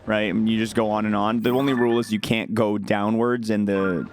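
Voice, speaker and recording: This young man talks fast and almost without pausing, his fairly low voice staying level as he rambles through answers to his chat. He's streaming a game casually, with background noise and mouse clicks audible.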